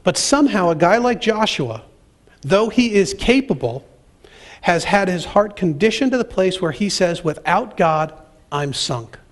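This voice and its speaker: Expressive male preacher, slightly high voice. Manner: dramatic preaching, slowing for emphasis and acting out quoted voices. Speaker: pastor. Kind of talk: sermon with Bible reading.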